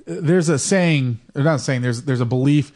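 A man's voice: mid-range voice, moderate pace, darkish tone. Joking male podcast co-host. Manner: joking, rambling storyteller. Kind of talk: casual chat.

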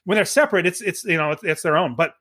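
A man chatting casually as co-host of a movie review, animated and often stammering and restarting his sentences. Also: high voice, fast, slightly rough.

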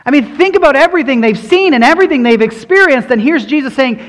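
A man's voice: very high-pitched, animated, fast, fairly bright tone, in a large hall. A man preaching a sermon in an earnest, emphatic way, his delivery rising and falling as he presses his points.

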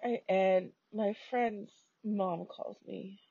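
A woman tells her own story at an unhurried pace, in a dark, gravelly voice with a husky edge. Her talk is casual and peppered with swearing and fillers. The recording sounds dull and lo-fi. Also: mid-range voice, fairly even intonation, no room sound. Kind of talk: casual personal story telling.

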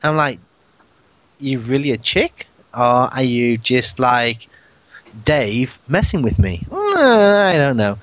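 Animated, joking male radio host, dry studio sound. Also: mid-range voice, dry recording. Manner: joking, rambling and swearing with frequent laughs. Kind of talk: casual live radio banter.

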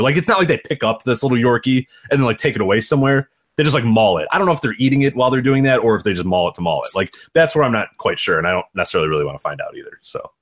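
A man's voice: mid-range voice, a bit bright, breathy edge. A man with a Chicago accent co-hosting a podcast, rambling casually with lots of fillers and restarts. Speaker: podcast co-host. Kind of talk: casual chat.

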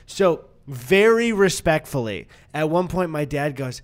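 Animated young man telling a story. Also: on the high side, measured pace. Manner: animated storyteller, acts out quotes; swears casually. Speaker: podcast co-host. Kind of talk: casual chat.

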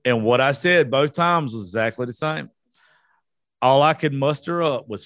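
A man's voice: medium pitch, moderate pace, fairly bright tone, dry recording. A young man from South Georgia with a Southern accent, hosting a casual, unedited podcast, profane and self-mocking. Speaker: podcast host.

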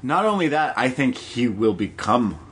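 A young man co-hosting a casual wrestling podcast, telling the match story with lively quick impressions. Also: medium pitch, a little hiss or hum. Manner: animated storytelling with quick impressions, laughs often. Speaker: podcast co-host. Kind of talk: casual chat recapping wrestling.

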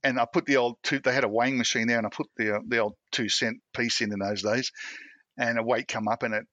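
A man's voice: medium pitch, steady tone, fast talker, bright, forceful tone, dry recording, lo-fi sound. A middle-aged man, a former police officer, telling rambling anecdotes in a casual interview. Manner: rambling anecdotes, frequent restarts and self-laughter.

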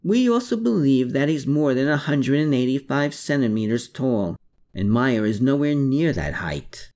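A man's voice: mid-range voice, expressive, normal speed, darkish tone, voice pushed up, close to an everyday voice. A man voicing a skeptical army captain who questions and insists in an audiobook. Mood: earnest.

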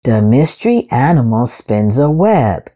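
A woman voicing a slow, kindly turtle hosting a party in a storybook reading. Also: rumbling low, very animated, dark tone, voice pushed down, full character voice. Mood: announcing. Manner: slow and measured. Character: slow, kindly old female turtle host.

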